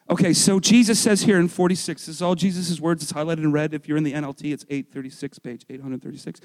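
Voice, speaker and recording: A married man preaching a sermon with loud, energetic delivery, dropping into quiet self-mocking asides. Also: a little high, fast talker, few pauses, in a large hall. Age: adult, married. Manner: swings between shouting and quiet asides. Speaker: pastor.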